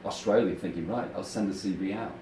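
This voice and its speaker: A chatty English man, a radio presenter, telling stories with a slightly low voice. He laughs easily. He sounds a little off-mic in an echoey room with faint background noise. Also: fast, recorded from a distance. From England. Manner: chatty storyteller who laughs often. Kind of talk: casual interview chat.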